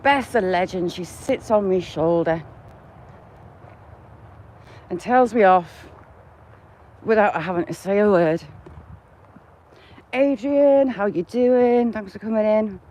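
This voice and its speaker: A woman's voice: medium pitch, slow pace, long pauses, darkish tone. A woman vlogging live while she walks a countryside path, chatting and laughing with viewers as she greets them by name. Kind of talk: casual live-stream chat while walking.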